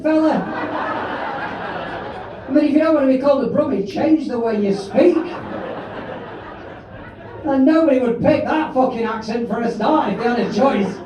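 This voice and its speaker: High-voiced brash comedy compere. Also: male voice, dull audio. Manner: brash, teasing, sweary, shouting to the room. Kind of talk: stand-up crowd work. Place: large comedy auditorium with live audience. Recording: echoey hall, distant mic, crowd noise.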